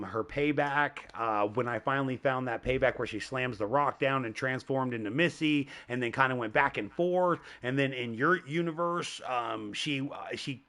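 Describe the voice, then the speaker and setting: Male podcast host, casual rambling chatter, quick to laugh, mid-pitched. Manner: rambling, animated, laughs often. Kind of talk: casual chat.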